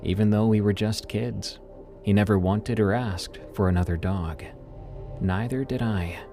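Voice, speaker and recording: A man reading a first-person horror story in a measured, ominous way. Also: on the low side, steady tone, mellow, faint music behind.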